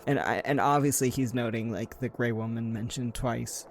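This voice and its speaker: A man's voice: medium pitch, steady tone, moderate pace, gravelly, slight background noise. A man playing a tabletop game, casually describing his character's actions with lots of "like".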